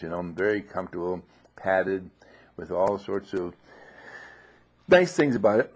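A man giving an informal spoken teaching in a monastery dining room, often clearing his throat and asking rhetorical questions. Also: fairly low pitch. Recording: dull lo-fi recording.

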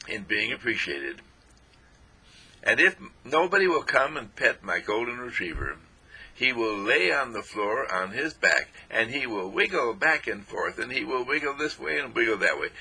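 A man giving an inspirational radio talk, animated and playful, repeating affirmations. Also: mid-range voice, husky. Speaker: spiritual radio speaker.

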